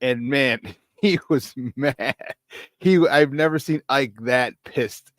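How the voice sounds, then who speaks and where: With a mid-range voice and slow delivery, this host sounds studio-quality, without room sound. He's an ex-player running a football talk show, full of energy and laughter, spinning locker-room stories and hyping with "baby."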